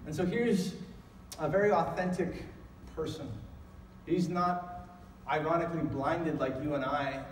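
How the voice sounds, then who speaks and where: A middle-aged man with a slightly high voice preaches a Sunday sermon, talking to the room conversationally and swelling into emphatic calls. He sounds a little distant from the mic, and his voice rings through a long, echoing church hall. Faint room noise sits underneath. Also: fairly even intonation, measured pace, pauses often. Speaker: pastor. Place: church sanctuary.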